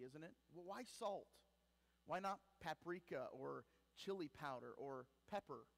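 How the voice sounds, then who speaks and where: A man preaching a sermon to his congregation, with emphatic rises and sudden quiet drops. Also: fairly high pitch. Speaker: pastor. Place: church sanctuary. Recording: long hall reverb.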